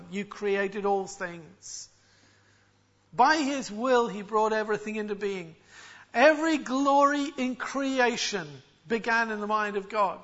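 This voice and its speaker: High, bright-voiced male preacher. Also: highs cut off. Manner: expository, emphatic, with frequent restarts. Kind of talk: sermon.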